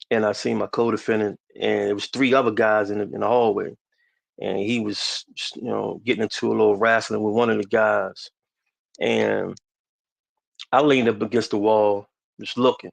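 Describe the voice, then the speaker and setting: A man in his forties from the DC area, a podcast guest telling a personal story slowly and haltingly, with many restarts. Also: fairly low pitch, level tone, gravelly, no echo. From DMV area, US.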